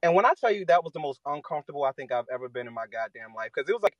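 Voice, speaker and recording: A man calling in to a podcast, telling a story in an excited, casual way and often jumping his voice up high. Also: very fast, no room sound, highs cut off. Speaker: caller. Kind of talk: casual call-in chat.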